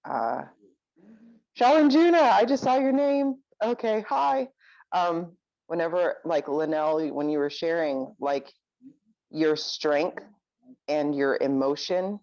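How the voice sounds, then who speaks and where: Slow, hesitant speaker on a muffled call. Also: medium pitch, darkish tone, dry recording. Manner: hesitant, many fillers and restarts. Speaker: coaching client. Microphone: video call.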